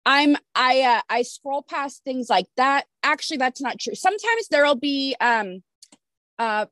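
A woman's voice: high voice, animated, unhurried, a bit bright, no echo. A woman hosting a casual podcast, frank and casually swearing as she chats with her guest. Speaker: podcast host. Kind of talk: casual chat.

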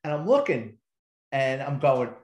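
Storytelling ex-cop guest, roomy echo. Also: male voice, mid-range voice, very animated, unhurried, a little mellow, dull audio, a little hiss or hum. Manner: acts out quoted dialogue, swears casually. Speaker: interview guest, retired police detective and author. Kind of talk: casual anecdotal storytelling.

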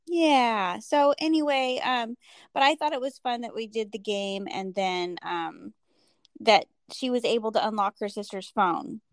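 A woman's voice: fairly high pitch, unhurried, no room sound, studio quality. A woman co-hosting a podcast, chatting casually and laughing often. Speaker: podcast co-host. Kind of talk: casual chat.

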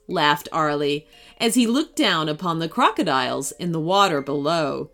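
A woman narrating a children's story with an expressive, dramatic storybook delivery. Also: sits low, moderate pace, soft background music.

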